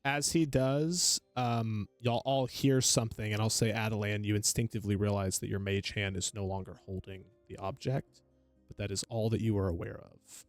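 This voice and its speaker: A man running a tabletop game as game master, talking haltingly with many fillers. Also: on the low side, steady tone, no room sound, faint music behind.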